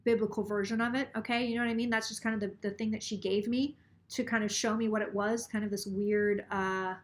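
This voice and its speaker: A woman's voice: mid-range voice, fairly even intonation, fairly quick. A woman psychic on a casual live stream, a little tipsy, relaying a spirit's words in a rambling, swearing way. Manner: rambling, swears freely, quotes the spirit aloud.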